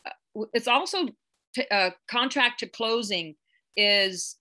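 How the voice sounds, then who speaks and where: A woman's voice: on the high side, measured pace, bright, forceful tone. A woman who works as a real estate agent, teaching a live online class in an earnest, chatty way with many fillers and restarts. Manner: gets emotional, close to tears.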